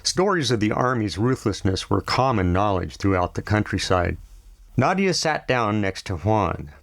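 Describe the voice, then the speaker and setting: A man narrating a novel aloud in a steady, measured reading. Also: lowish voice, gravelly, no room sound, clean studio sound. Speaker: audiobook narrator.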